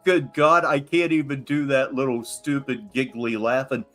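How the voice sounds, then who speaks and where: A man's voice: mid-range voice, fairly even intonation, normal speed, a bit bright, soft background music. A man hosting a live stream, mocking a video clip with sarcastic, chuckling commentary from a golf course.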